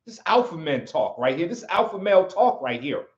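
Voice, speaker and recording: An American man who teaches martial arts hosts a livestream, giving an emphatic, preachy motivational talk and repeating key phrases over and over. His slightly high voice swings widely in pitch at a somewhat fast pace, and the audio is roomy and slightly dull.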